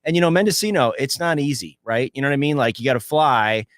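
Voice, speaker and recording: A man's voice: medium pitch, animated, fast, a bit bright, no echo. A man appearing as a film critic guest in a radio studio, laid-back and hesitant, with many fillers. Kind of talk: radio banter.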